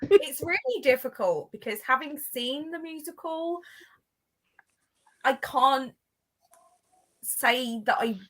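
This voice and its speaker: A woman with a high, bouncing voice, chatting with friends on a video call. She tells stories with energy and laughs often as she goes. The sound is plain webcam audio. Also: slow pace, long pauses. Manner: animated storyteller, laughs often. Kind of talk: casual chat with friends.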